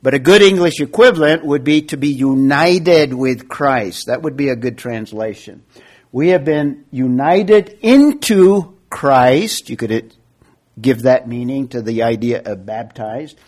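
A man teaching a Bible study class, explaining scripture in a measured way with rhetorical questions and emphatic stress on key words. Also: medium pitch, a little mellow.

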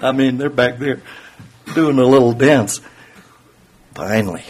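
A man's voice: medium pitch, measured pace, a little mellow, husky. A man preaching a conversational sermon, explaining scripture and asking his listeners rhetorical questions.

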